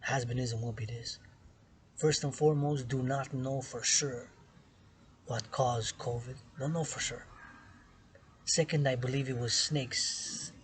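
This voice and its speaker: A man's voice: mid-range voice, steady tone, measured pace, long pauses, a little hiss or hum, rough recording. Emphatic man rambling outdoors. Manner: repetitive and emphatic, swinging between loud stresses and hushed whispers. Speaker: vlogger philosophizing to camera. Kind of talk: rambling monologue. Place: outdoors in the sun on an island.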